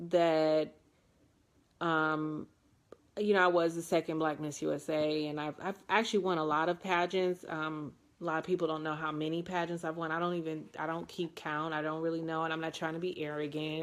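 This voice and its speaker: A woman's voice: sits low, level tone. A woman in her forties from Detroit, chatting casually as she answers viewer comments, rambling with lots of ums and playful self-mockery. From Detroit, USA. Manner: unhurried and rambling, with frequent ums and restarts. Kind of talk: casual live chat reading comments.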